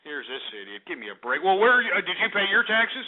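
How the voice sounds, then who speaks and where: Brash ranting radio host man, high voice. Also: very animated, quick pace. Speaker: radio talk show host. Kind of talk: call-in radio rant. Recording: narrow phone-like radio audio.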